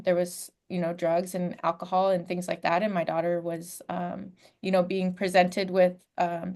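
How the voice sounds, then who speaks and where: A woman's voice: fairly low pitch, darkish tone. A woman, a podcast guest in her twenties, telling her life story in a candid, heartfelt way with frequent fillers. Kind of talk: personal storytelling.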